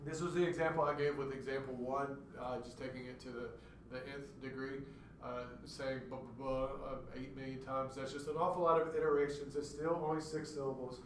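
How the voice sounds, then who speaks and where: A man's voice: medium pitch, level tone, fairly quick, slight background noise. A man giving a classroom lecture, explaining step by step and acting out stuttered words to demonstrate. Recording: echoey room, mic far off.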